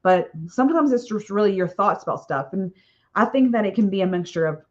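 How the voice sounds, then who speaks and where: A woman author hosts a casual live stream, rambling along with frequent "okay?" tags and little laughs. Her medium-pitched voice is animated and brisk, and the sound quality is lo-fi.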